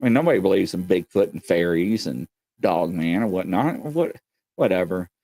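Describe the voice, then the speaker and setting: With a low, dark voice full of vocal fry, a Kentucky man talks briskly and animatedly as he hosts a paranormal talk show. He tells rambling, folksy stories and speaks right to his audience.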